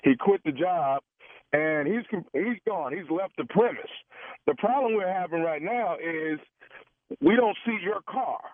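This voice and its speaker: Prank caller man, stammering, fairly high voice, tinny phone line, dry. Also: expressive, unhurried, no room sound. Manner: acts as a flustered parking manager, stammering and pleading.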